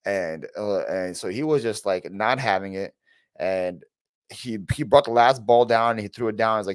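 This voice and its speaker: A man's voice: low voice, brisk, dry recording. A man hosting a live question-and-answer stream from his home setup, chatting casually, greeting viewers by name and telling rambling stories with lots of fillers. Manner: rambling storyteller, reads chat names aloud, frequent fillers and restarts. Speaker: reseller YouTuber hosting a live Q&A.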